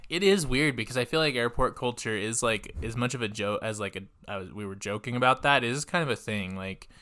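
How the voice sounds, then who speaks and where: A man's voice: medium pitch, brisk, sharp tone. A man co-hosting a podcast in casual chat, rambling with lots of fillers. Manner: chatty, many likes, laughs easily. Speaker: podcast co-host.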